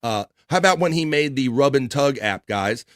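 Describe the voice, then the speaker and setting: A man's voice: mid-range voice, animated, normal speed, fairly bright tone, no room sound, clean studio sound. Rambling male livestream host reading chat. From East Coast of the US. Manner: rambling, reads chat messages aloud with filler words.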